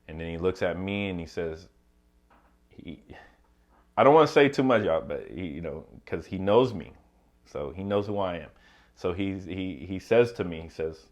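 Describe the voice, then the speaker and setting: A man's voice: sits low, expressive, moderate pace. A man casually telling his prison story to the camera, loose and profane, with many fillers and asides.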